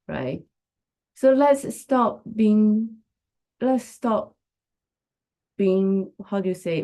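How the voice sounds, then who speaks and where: Slow, earnest woman giving a live pep talk. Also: mid-range voice, lively intonation, mellow. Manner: earnest, repeats phrases for emphasis, speaks to viewers directly. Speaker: host of a live talk stream. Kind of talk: casual motivational talk.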